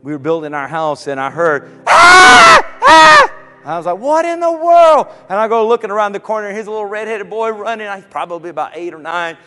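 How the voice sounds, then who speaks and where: A man preaching a sermon, swinging from soft, low passages to loud shouted cries. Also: fast, few pauses, big-room sound, soft background music. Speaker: pastor.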